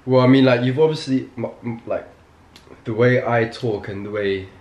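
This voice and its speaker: A man's voice: medium pitch, normal speed, darkish tone, slight background noise. A young man with a British accent, co-hosting a casual vlog in a teasing, playful, slangy way. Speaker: vlogger co-host. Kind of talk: casual chat. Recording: echoey room.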